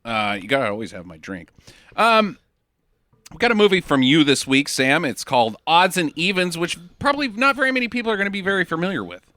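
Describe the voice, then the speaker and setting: A man's voice: a little high, big pitch swings, brisk, bright, forceful tone, no echo. A man hosting a podcast, upbeat and jokey, reading listener mail. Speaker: podcast host. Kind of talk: casual chat.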